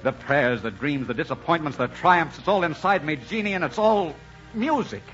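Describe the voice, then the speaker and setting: In a 1940s radio play, an earnest young composer who stumbles over his words and then rises into heartfelt speeches. His voice is of middling pitch but swings widely. The recording is dull and muffled, with faint music underneath. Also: lively intonation, fairly bright tone. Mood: determined. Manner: halting and shy when proposing, then swelling with passion. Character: earnest young male composer, romantic newlywed.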